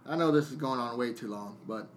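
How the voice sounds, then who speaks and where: A man of middle pitch telling a story on a podcast, blunt and full of swearing. He jumps into both sides of remembered arguments as he talks, with a faint hiss under the recording. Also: fairly quick. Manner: venting, blunt and profane, jumping into quoted dialogue. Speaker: podcast guest, DJ. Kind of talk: casual storytelling chat.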